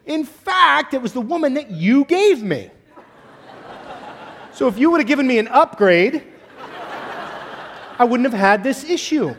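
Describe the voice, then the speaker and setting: A grown man whining out his excuses in a high, strained voice, as a preacher puts him on, pleading and half-laughing. The voice sits well above a man's normal speaking pitch and is pushed out loud. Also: sing-song, a little slow, long pauses, long reverb tail, heavily acted. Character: whiny blame-shifting biblical Adam, grown man.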